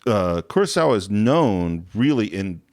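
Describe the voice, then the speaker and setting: Animated man retelling film scenes. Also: fairly low pitch, a little slow. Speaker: podcast co-host. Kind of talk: casual film discussion.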